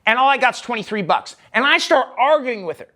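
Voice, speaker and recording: Vlogger, male, high register; emphatic, rambling first-person storytelling with restarts. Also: sing-song, brisk, bright, forceful tone.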